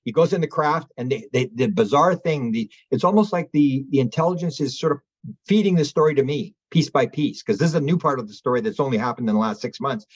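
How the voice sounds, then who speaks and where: A husky man talks at a quick clip through a dull, lo-fi recording. He is an interview guest who rambles from one anecdote to the next and jumps up in pitch to act out the people he quotes. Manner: rambling, acts out quoted people in raised voices. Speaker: interview guest, UFO researcher. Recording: dull lo-fi audio.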